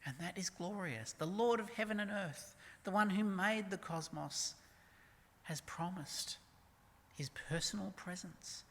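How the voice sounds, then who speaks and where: The sermon comes from a preacher with a medium-pitched voice, recorded with big-room church acoustics. He preaches emphatically, alternating loud statements with near-whispers, and slows down and softens to read scripture.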